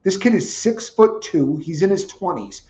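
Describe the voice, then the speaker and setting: A man's voice: high voice, animated, normal speed, mellow. A man co-hosting a podcast who makes confident, opinionated points and backs them with examples in casual chat. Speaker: podcast co-host. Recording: echoey, dull lo-fi room audio.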